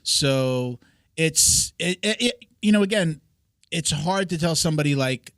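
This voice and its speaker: A man in his forties, a podcast host and coach, talking in a relaxed, rambling and self-deprecating way. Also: fairly high pitch, a little slow, no room sound, studio quality. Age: 40s. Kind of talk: casual podcast conversation.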